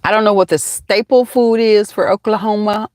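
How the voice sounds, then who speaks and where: A woman's voice: medium pitch, fairly even intonation, normal speed, darkish tone, no room sound. A middle-aged woman with a Southern accent, hosting a casual live chat from her parked car, folksy and chatty, calling viewers honey and child. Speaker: livestream host.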